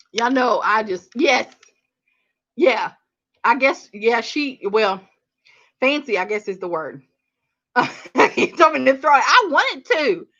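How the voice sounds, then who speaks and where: A woman chats animatedly with her viewers on a gardening livestream, calling them honey and y'all. Her voice is bright and a little sharp, pitched somewhat high for a woman. The stream audio sounds slightly dull and lo-fi. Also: very animated, very slow, pauses often. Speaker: gardening channel host. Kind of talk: casual livestream chat with viewers.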